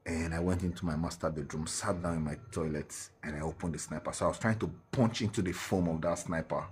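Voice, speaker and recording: A Nigerian man with a very low voice gives an earnest personal testimony as a guest on a talk show. He mixes in Pidgin and often restarts his sentences. There is a faint hiss under the recording. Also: steady tone, quick pace. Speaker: guest telling his story.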